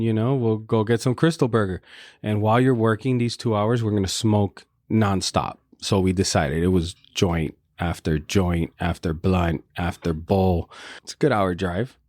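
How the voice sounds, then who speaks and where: A man co-hosting a podcast, telling stories in animated casual chat. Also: lowish voice, dry recording, studio quality. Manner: animated storyteller. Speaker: podcast co-host.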